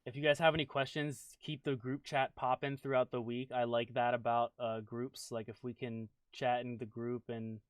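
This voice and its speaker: A man's voice: mid-range voice, little pitch movement, normal speed, few pauses, clean tone, dry recording. Laid-back male game master, dry close sound. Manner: casual, upbeat, repeats himself. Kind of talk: wrapping up a tabletop game session.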